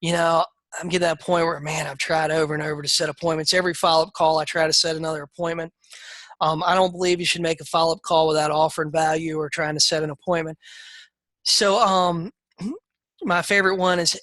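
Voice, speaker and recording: Middle-aged male sales trainer, folksy and direct, bright tone, dry close sound. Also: fairly high pitch, steady tone, brisk, dry recording. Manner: direct, folksy, acts out seller calls in a raised voice. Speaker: real estate sales trainer. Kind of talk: live webinar coaching.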